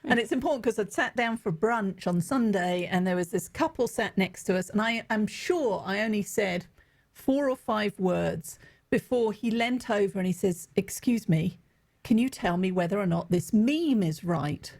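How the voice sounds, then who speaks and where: A middle-aged woman with an English accent, a podcast guest telling quick, witty stories. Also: medium pitch, a little mellow. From England. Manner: witty, quick storytelling with laughs. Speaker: guest, executive coach. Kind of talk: casual interview chat.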